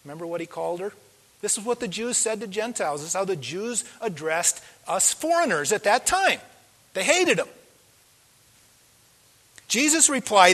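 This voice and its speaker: A man preaching a sermon as pastor, telling the story with animated delivery and acting out the voices in it. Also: high-pitched, normal speed, long pauses. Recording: long hall reverb.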